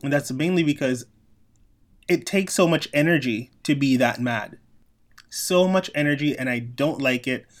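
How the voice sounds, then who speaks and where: A man co-hosting a podcast, talking casually and softly, telling stories and acting out what people said. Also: mid-range voice, normal speed. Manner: soft-spoken, storytelling with acted-out quotes. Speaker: podcast co-host.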